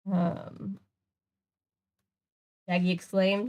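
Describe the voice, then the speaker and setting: A woman's voice: medium pitch, normal speed. A young woman reading a kids' mystery book aloud, breaking off for chatty, jokey asides. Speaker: channel host. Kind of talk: casual reading aloud with commentary.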